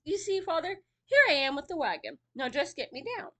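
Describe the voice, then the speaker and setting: A woman's voice: high voice, big pitch swings, brisk, sharp tone, pitched above the performer's own voice, full character voice. A woman doing Thumbling, a tiny, clever boy. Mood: eager.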